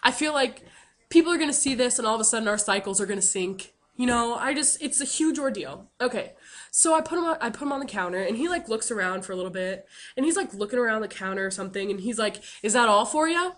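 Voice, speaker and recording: A woman's voice: fairly high pitch, animated, fast. A woman telling a funny story to her camera in a chatty, self-mocking way, full of fillers. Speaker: vlogger.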